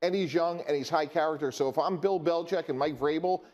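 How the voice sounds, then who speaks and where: A man's voice: a little high, fast, darkish tone. A man on a televised sports panel steadily listing his reasons. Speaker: sports analyst. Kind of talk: tv studio debate.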